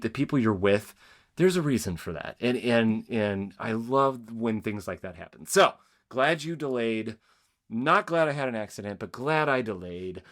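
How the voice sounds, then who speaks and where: Man, podcast host, earnest storyteller, rambling, mid-pitched voice. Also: a bit bright. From Spokane, Washington area. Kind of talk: conversational interview.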